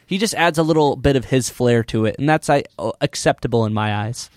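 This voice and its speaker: A man's voice: medium pitch, a little fast, no echo. A man chatting casually about film music as a podcast co-host, laughing often and mimicking the sounds of the score. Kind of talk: casual chat.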